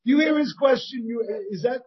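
A man with a high-pitched, somewhat husky voice leads an informal Talmud lesson. He reasons out loud, breaks off and restarts his sentences, and keeps asking his students questions. The sound is dull and lo-fi, like a plain class recording. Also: normal speed. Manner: thinks aloud, with many restarts and questions to the students. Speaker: rabbi teaching a Talmud class. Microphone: shared class recording, partly over a video call.

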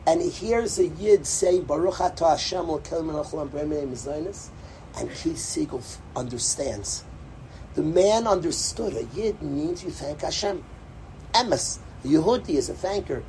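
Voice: medium pitch, warm tone, slight background noise, rough recording. An adult giving an impassioned religious talk to a gathering, emphatic and repetitive, with broken-off phrases and Hebrew and Yiddish terms mixed in. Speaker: speaker addressing a religious gathering.

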